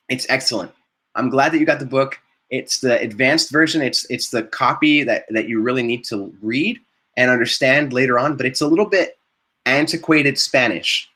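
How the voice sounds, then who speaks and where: A man's voice: medium pitch, sharp tone. A man teaching a live online Spanish class, modelling vocabulary and praising students with frequent encouragement.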